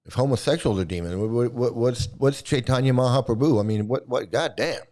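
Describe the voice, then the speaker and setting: A man's voice: medium pitch, brisk, a little mellow. A man hosting a commentary video, ranting heatedly, swearing and repeating himself as he gets worked up. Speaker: commentary host. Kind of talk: angry commentary rant.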